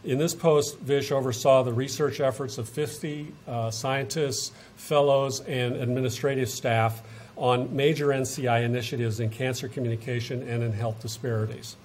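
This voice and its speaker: Male host, middle pitch, reads a speaker bio with hesitant fillers, light background noise. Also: steady tone, darkish tone. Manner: reads a biography with frequent "uh" pauses. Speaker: event host introducing the speaker. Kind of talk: formal introduction. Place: lecture hall.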